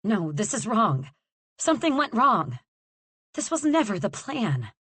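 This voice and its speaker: A woman's voice: mid-range voice, sing-song, measured pace, fairly bright tone, slightly rough, no echo, pitched above the performer's own voice, exaggerated voice. Woman playing a frantic, indignant young woman. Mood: distraught.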